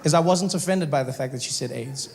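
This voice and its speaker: A man with a South African accent doing stand-up, telling a story in an animated, incredulous way and acting out the people in it. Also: mid-range voice, fast talker, gravelly, background noise. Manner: animated, incredulous, acts out the characters. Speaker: stand-up comedian.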